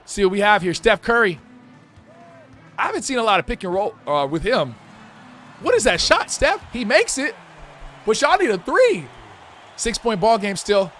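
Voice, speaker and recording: A man's voice: sits high, big pitch swings, normal speed, long pauses, a little hiss or hum. Hyped man calling a basketball game. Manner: hyped, slangy, shouts at big plays. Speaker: gaming YouTuber. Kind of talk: playful sportscaster-style play-by-play over a video game.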